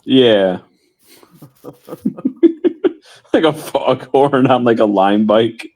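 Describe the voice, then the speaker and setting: A man in casual podcast chat who tells things with animated, laughing asides. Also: mid-range voice, drawn-out words.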